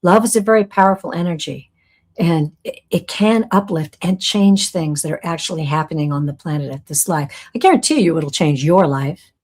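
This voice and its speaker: A middle-aged woman hosting a live-streamed class as a psychic medium, talking earnestly and rambling a little, reading out viewer comments with soft laughs. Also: moderate pace. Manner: warm, earnest, rambling, with soft laughs and lively pitch swings.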